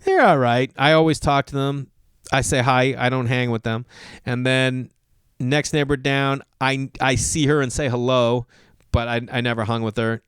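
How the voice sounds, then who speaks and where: A man's voice: mid-range voice, moderate pace, clean tone, no echo, studio quality. A man in his thirties telling a comic story, acting out other people's voices and swearing freely. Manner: animated, acts out quoted voices, swears. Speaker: comedian host. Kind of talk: storytelling monologue.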